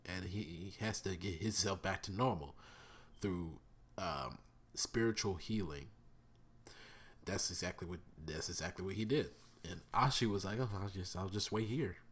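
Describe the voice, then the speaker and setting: A man vlogging a casual, profane review of a cartoon episode, rambling with fillers and restarts and breaking into excited laughter. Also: sits low, a little hiss or hum. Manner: profane, bursts into laughing squeals when excited.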